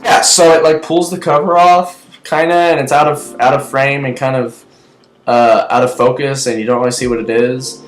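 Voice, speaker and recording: Excitable young man rambling in an echoey room. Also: medium pitch, moderate pace. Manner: excitable, chatty, full of fillers and restarts. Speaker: TV episode reviewer. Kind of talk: casual rambling review. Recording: echoey room with faint music.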